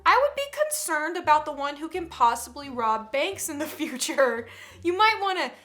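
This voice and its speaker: A young woman doing comedic commentary, laughing often and jumping into loud put-on voices. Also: sits high, very animated, normal speed, faint music behind. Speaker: comedy YouTuber reacting to parenting tweets.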